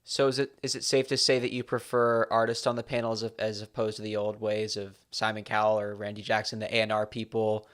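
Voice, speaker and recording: A man hosting an interview, asking long questions in a level, steady way. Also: on the low side, fairly quick, few pauses. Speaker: podcast host and interviewer.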